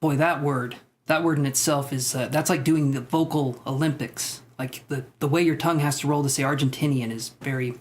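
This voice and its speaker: A man's voice: mid-range voice, steady tone, brisk, few pauses, slight background noise. A young man hosting a live stream, chatting casually with viewers and rambling with self-deprecating jokes. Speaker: tarot livestream host. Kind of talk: casual live-stream chat reading comments.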